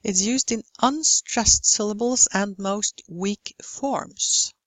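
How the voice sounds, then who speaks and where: A Norwegian woman teaching English pronunciation in a slow, careful way, working through example word lists one at a time. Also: medium pitch, a bit bright, no room sound. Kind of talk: recorded phonetics lesson.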